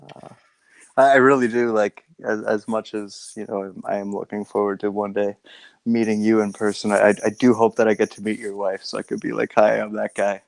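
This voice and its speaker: Gravelly, flat-voiced male guest. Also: on the low side, no echo. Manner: hesitant, halting. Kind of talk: casual chat.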